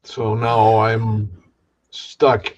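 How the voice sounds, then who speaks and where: A man casually interviewing a guest over a remote connection, halting and full of restarts. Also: fairly low pitch, little pitch movement, highs cut off.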